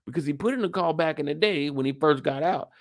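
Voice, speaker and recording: Man for a casual show recap: gravelly, animated delivery, salty, lots of rhetorical questions. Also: a little high, quick pace, no room sound, studio quality.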